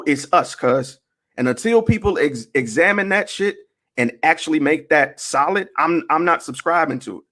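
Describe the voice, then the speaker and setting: A man's voice: a little high, fairly bright tone. A man hosting a casual online group discussion, talking emphatically, asking rhetorical questions and swearing.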